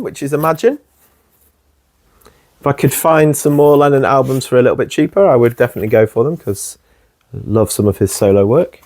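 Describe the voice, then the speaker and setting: A man hosting his own video, chatting casually and warmly about his record collection, rambling with plenty of ums. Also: mid-range voice. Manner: relaxed and rambling, many ums, warm enthusiasm. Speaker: host.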